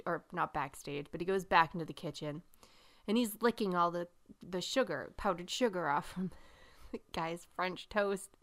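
Animated bright-voiced woman storyteller. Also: on the low side. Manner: animated storyteller, laughs often. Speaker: podcast co-host. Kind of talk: casual chat.

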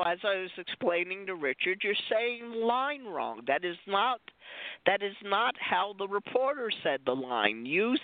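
Over a dry, tinny phone call-in with no room sound, a woman who works as a stunt performer chats casually as a guest. Her medium-pitched voice wanders through rambling, digressive stories.

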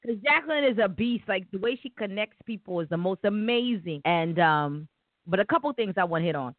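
Woman host, from Delaware, excitable storyteller, tinny phone-like sound, dry. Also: mid-range voice, brisk, dry recording. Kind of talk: casual interview chat.

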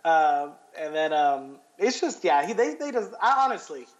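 A man's voice: fairly high pitch, big pitch swings, normal speed, muffled recording. A man co-hosting a casual podcast chat, rambling and swearing with lots of restarts. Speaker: podcast co-host.

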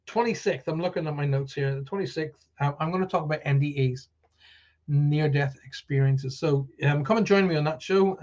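A man's voice: mid-range voice, dull audio. A man hosting a live stream who chats in a rambling way, does card readings and greets viewers one by one by name. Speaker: livestream host and card reader. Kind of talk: casual live-stream chat.

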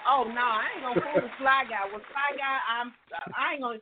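Woman, call-in host, chatty, animated, high voice, tinny phone audio. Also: fairly quick, a crowd in the background. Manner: animated, chatty, Southern Black vernacular turns of phrase. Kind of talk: casual call-in show chat. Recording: tinny phone line with noise.

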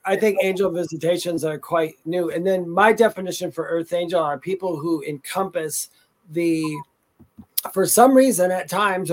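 Male co-host, fairly high voice, halting, earnest. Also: poor audio. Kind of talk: live call-in chat.

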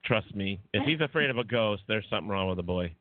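A man's voice: lowish voice, animated, fast talker, no room sound, narrow, tinny audio. A man co-hosting a casual talk show, joking and teasing as he reads chat comments. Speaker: co-host.

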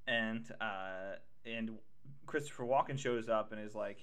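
A man's voice: fairly low pitch, a little slow, fairly bright tone, clean tone. A man in casual chat, recapping a movie with jokes and playful put-on voices. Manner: jokey, acts out characters in silly voices. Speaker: podcast co-host.

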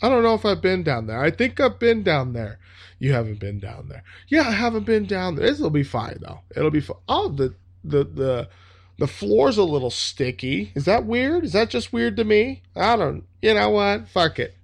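Male reader doing a jumpy young thug in a spoken story, pitched well up, stammering and rambling about being fine. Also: sing-song, moderate pace, gravelly, heavily acted. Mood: nervous. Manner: stammering, rambling nervous chatter. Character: jittery young male gunman, nervous and in denial.

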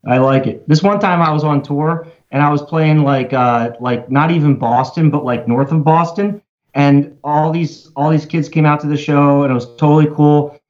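A man's voice: fairly high pitch, steady tone, normal speed. Rambling jokey man with Baltimore accent. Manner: rambling, jokey, many fillers. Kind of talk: casual podcast chat. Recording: slightly dull lo-fi audio.

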